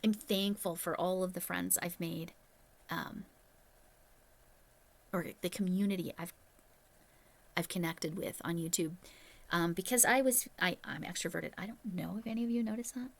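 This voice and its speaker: A woman's voice: fairly low pitch, normal speed, vocal fry, pauses often. A middle-aged woman, a retired teacher, talking candidly and chattily to her viewers in a casual vlog. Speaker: retired teacher turned crochet YouTuber. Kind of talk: casual vlog chat to camera.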